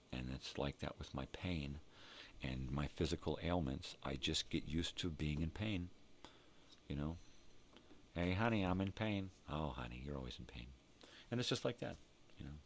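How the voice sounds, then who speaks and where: An older man hosting a rambling morning vlog, talking to himself and cursing freely as he thinks out loud. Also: extremely low pitch, creaky, slight background noise. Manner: rambling, profane, talks to himself. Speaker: vlog host.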